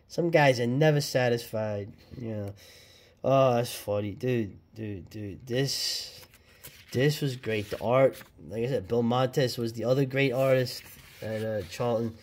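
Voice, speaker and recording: A man hosting a casual vlog, reviewing an old comic book with excited, slangy chatter and frequent laughs. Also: medium pitch, unhurried.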